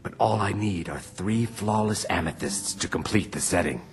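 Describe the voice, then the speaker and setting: An actor playing a gentle, lovestruck lizard-man in a video game, speaking in an earnest, measured way. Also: low voice, vocal fry. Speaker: game character. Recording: game audio with faint music.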